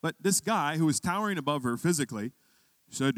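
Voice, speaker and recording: Pastor, male, chatty storyteller in the pulpit, slightly raised pitch, dry sound. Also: very animated, fast, no room sound. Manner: conversational storytelling, rising to emphatic questions. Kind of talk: sermon with a personal story.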